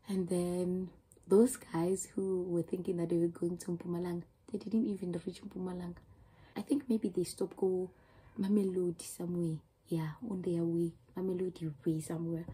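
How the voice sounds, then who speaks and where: A woman's voice: fairly low pitch, warm tone, slightly rough, poor audio. A young woman with a South African accent, telling a rambling, emotional storytime to her channel. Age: young adult. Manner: emotional, rambling retelling with many restarts. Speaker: YouTuber. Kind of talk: storytime vlog.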